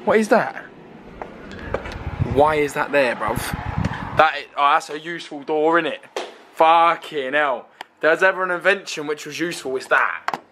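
Young lad, vlogger, slangy and sweary, fairly high voice, light noise behind. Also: male voice, moderate pace. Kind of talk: casual vlog chat.

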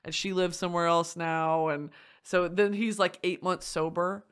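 A woman hosting a podcast, chatting casually in an animated way, swearing often and laughing through a story. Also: on the low side, moderate pace, clear, resonant tone. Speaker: podcast host. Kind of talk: casual chat.

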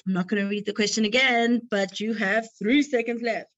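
Brisk and steady, with a slightly high, fairly bright voice, a young quiz host reads movie questions and answer choices, chatting and joking in between and laughing at her own jokes. The recording is dry, dull, and lo-fi.

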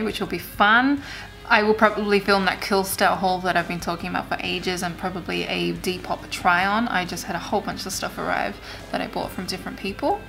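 A woman's voice: medium pitch, fairly bright tone. A woman chatting casually and mocking herself as she does her makeup in a get-ready-with-me vlog. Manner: chatty, self-mocking, swears when frustrated. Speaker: beauty vlogger.

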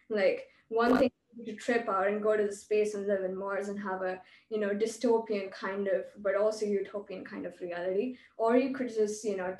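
A woman's voice: mid-range voice, darkish tone. A woman hosting a podcast, talking in a thoughtful, musing, academic way. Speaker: podcast host. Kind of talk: casual chat. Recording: echoey, distant from the mic.

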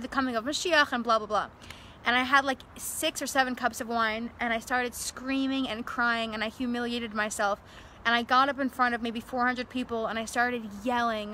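A young woman talks in a high, bright voice, pouring herself into a heartfelt story. She is emphatic and emotional, circling back to the same phrases with plenty of fillers along the way. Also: slight background noise. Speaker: speaker promoting a religious event. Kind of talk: impassioned storytelling monologue.

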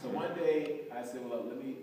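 A man's voice: mid-range voice, normal speed, over a noisy crowd. A man pastor telling a humorous story in a sermon, acting out both sides of the conversation. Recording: echoey hall from far off. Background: congregation laughing.

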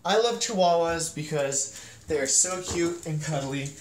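A man's voice: on the high side, a little slow, slight background noise. A man talking casually and playfully in a home vlog about his pet dog. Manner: playful, excitable. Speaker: dog owner and vlogger.

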